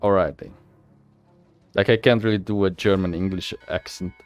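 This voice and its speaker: A man's voice: deep voice, steady tone, moderate pace, clean tone, soft background music. A man casually narrating a game he is playing, rambling and self-deprecating. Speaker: gamer reading and playing.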